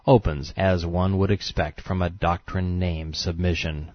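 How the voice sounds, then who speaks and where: A man with a very low voice delivers scripted documentary narration full of sarcastic, scornful asides. The recording is dry and dull, with no room sound. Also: little pitch movement, measured pace, dry recording.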